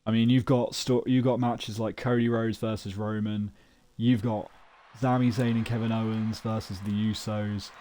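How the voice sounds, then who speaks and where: A man streaming a wrestling video game, giving chatty, excitable commentary and predictions. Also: on the low side, moderate pace, few pauses. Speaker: gaming streamer. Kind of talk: casual live-stream commentary.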